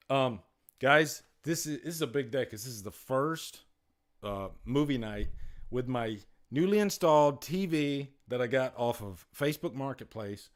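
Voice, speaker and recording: A man hosting a live movie night stream from a room at home, chatting casually and joking with his viewers. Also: a little high. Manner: excitable, joking, talks straight to his chat. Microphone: external mic.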